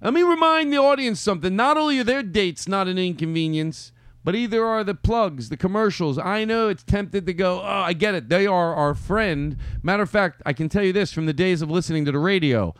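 A man's voice: high voice, animated, a little fast, a bit bright, clean tone, no echo. A man hosting a comedy podcast, talking casually in rambling, playful asides. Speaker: podcast host.

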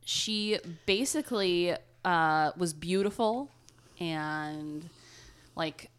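A woman's voice: on the low side, extremely slow, clean tone. A woman with a Cleveland accent, co-hosting a podcast and telling a story in casual chat, chatty and nasal, swearing now and then. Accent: Cleveland, Ohio. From Ohio, USA. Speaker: podcast co-host.

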